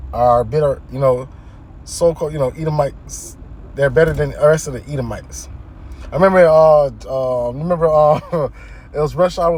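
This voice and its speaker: Man preaching casually, slightly high voice. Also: darkish tone. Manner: conversational, keeps checking in with listeners; reads verses aloud then explains in plain talk. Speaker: scripture teacher.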